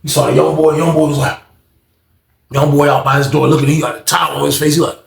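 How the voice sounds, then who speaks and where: Man, casual storytime, animated and slangy, high voice, gravelly, echoey room. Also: fast talker.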